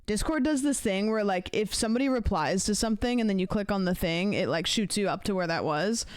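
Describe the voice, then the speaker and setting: Streamer woman, smooth clear voice, dry close mic, chatty and rambling; casual talk to chat. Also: mid-range voice, fairly quick, no room sound. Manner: rambling, many fillers, thinks out loud. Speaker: livestreamer. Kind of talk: casual chat with live viewers.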